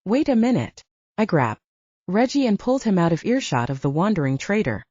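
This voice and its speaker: A woman narrating a first-person audiobook in an animated storytelling manner. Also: on the low side, fairly quick, dry recording. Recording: dull lo-fi dry recording.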